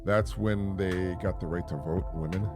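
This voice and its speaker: A man's voice: sits low, fairly even intonation, normal speed, over music. A middle-aged man hosts a podcast, talking casually in a rambling way with many restarts and repeated words. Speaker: podcast host. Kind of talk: casual monologue.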